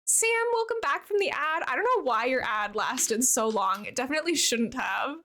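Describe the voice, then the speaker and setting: A bubbly young woman with a high voice talks casually on a live stream. She chats with her viewers as she plays, easygoing and animated in tone. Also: normal speed. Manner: bubbly, chatty, reads and answers chat while playing.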